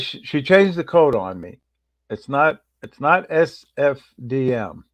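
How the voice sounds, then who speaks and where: A man's voice: mid-range voice, no echo. A man hosting a casual livestream and greeting viewers by name. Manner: reads out viewer names and greets them one by one. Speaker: livestream host.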